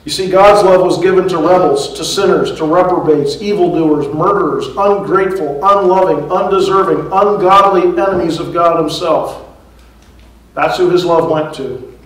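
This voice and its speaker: A man's voice: fairly high pitch, moderate pace. A man giving a conversational sermon as pastor, chuckling at his own asides. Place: church sanctuary. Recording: echoey church hall, mic far off.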